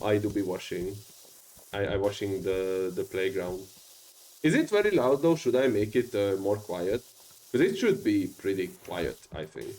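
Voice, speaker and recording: A man's voice: lowish voice, darkish tone, poor audio. A man with a strong non-native English accent, chatting casually and rambling with many fillers while streaming a game. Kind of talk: casual gaming stream chat.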